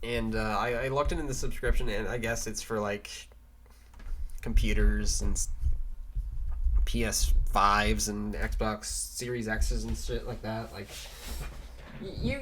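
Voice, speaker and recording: A young man ranting casually on a vlog, rambling and stammering with many restarts and fillers, swearing now and then. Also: medium pitch. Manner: mock voices for quoted people. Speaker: vlogger. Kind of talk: casual rant to camera.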